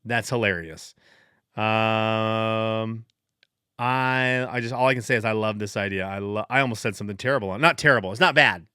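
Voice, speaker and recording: A man in his thirties hosting a casual solo podcast, rambling and excitable, who breaks into loud cheering. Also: lowish voice, moderate pace, smooth, no room sound, studio quality. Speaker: podcast host.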